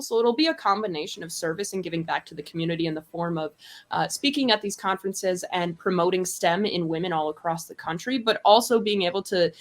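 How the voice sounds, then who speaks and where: A young woman from Wisconsin, in her twenties, chats as a podcast guest. Her talk is upbeat and lively, and she laughs often between her stories. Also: medium pitch. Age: 20s. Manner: upbeat and chatty, quick to laugh. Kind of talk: casual conversation.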